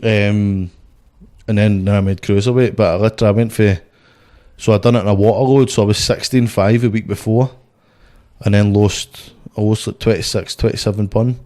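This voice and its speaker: A man's voice: on the low side, steady tone, brisk, mellow. A young Scottish man, a boxer, telling stories in a blunt, sweary, rambling way on a casual podcast. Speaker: guest, boxer.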